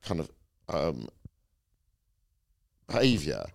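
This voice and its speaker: A middle-aged father, reflective and measured, asking questions and mulling over events in a casual podcast chat. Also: extremely low pitch, sing-song, gravelly.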